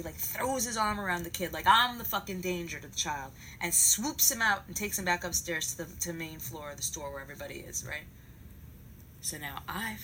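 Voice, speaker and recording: Animated, profane New woman storyteller. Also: lowish voice, a little hiss or hum, low-quality recording. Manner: profane, animated, dramatic acting-out. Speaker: comedian telling a story. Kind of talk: comic storytelling.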